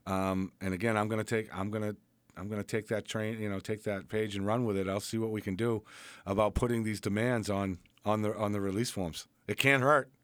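A man hosting a radio show in casual chat, quick and laid-back, saying "dude" a lot, on a studio mic. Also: on the low side, steady tone, no room sound.

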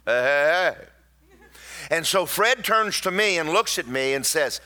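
A man preaches to a church congregation, his voice bright and forward. He pitches a little high for a man and talks in an animated rhythm. He jumps into loud bursts, then drags words out slowly to hammer a point home. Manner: animated, with sudden loud bursts and slowed emphasis. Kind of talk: sermon with personal storytelling.

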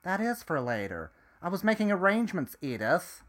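Man as a sarcastic young hotel worker, dry, lively, bright. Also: high voice, normal speed.

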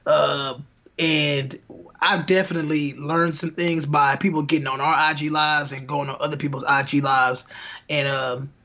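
A man's voice: on the high side, steady tone, moderate pace, sharp tone, lo-fi sound. A young adult man co-hosting a podcast in a casual, laid-back, slangy way. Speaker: podcast co-host. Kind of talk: casual chat.

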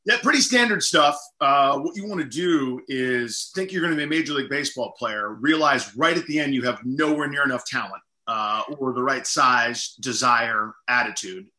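A man's voice: medium pitch, normal speed, hardly any pauses, sharp tone, roomy sound. A middle-aged man, a comedian guest, telling stories in a rambling, self-deprecating way full of "like" and "you know". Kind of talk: casual storytelling interview.

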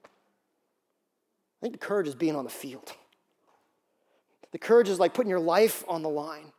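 A man pastor preaching a sermon, animated and storytelling, acting out quoted voices. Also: fairly high pitch, a little slow.

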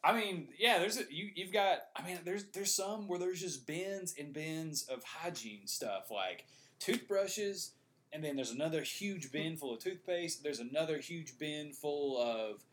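A man's voice: fairly high pitch, expressive, unhurried, fairly bright tone, a little hiss or hum. Rambling man, casual podcast. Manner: rambling, many restarts and fillers. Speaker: podcast co-host. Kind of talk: casual chat.

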